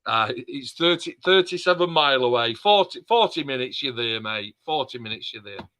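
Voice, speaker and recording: A man's voice: medium pitch, expressive, normal speed, sharp tone. A man co-hosting a live stream, chatting casually, joking and swearing with his friend. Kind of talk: casual chat.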